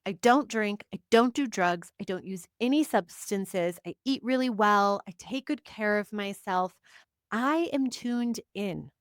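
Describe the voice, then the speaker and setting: A woman's voice: medium pitch, measured pace, few pauses, dry recording. A woman speaks in a dry, close room with a mid-range voice. She is a psychic reader telling her own story in a chatty monologue. She punches out short, emphatic affirmations one after another. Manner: chatty, frequent "like" fillers. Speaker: psychic reader and spiritual teacher. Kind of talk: casual personal monologue to camera.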